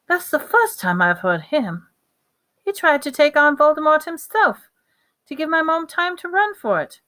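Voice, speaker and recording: A woman's voice: sits high, sing-song, measured pace, bright, forceful tone, pitched above the performer's own voice, full character voice. A woman reading aloud, voicing a determined teenage boy wizard in a raised, urgent voice. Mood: shaken.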